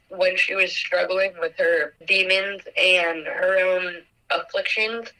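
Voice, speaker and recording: A young woman telling a personal story in an interview, emotional and halting with many fillers. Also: lowish voice, bright, forceful tone, distant mic, rough recording. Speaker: guest, victim's daughter.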